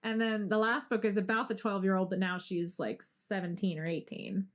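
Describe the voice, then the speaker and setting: A young adult woman co-hosting a podcast in casual chat, animated, laughing often and swearing freely. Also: mid-range voice, a little fast. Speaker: podcast co-host.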